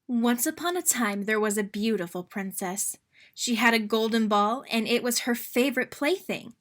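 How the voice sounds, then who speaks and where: A woman reading a children's picture book aloud in an expressive, sing-song storytelling manner. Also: fairly high pitch, moderate pace.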